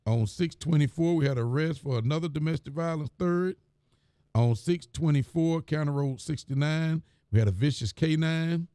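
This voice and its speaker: A man's voice: a little high, moderate pace, dark tone, smooth, no room sound, clean studio sound. A man, a county sheriff, reading the week's reports and talking in a plain, folksy way on a live stream. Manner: plain, folksy, repeats phrases.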